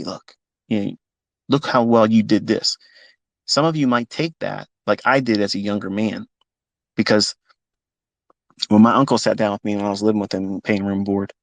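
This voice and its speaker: A fifty-year-old man talks live and unscripted, his voice low and rough with gravel. He tells his story bluntly and with feeling, and the swearing comes easily. The sound is dry and close, with no room around it. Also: dry recording. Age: 50s. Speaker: trading educator on a live talk.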